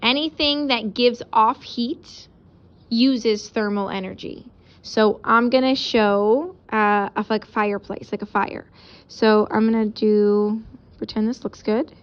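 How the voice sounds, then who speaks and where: A woman teacher giving a casual recorded lesson, explaining out loud while she sketches examples. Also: fairly high pitch, fairly even intonation, takes it slowly, muffled recording.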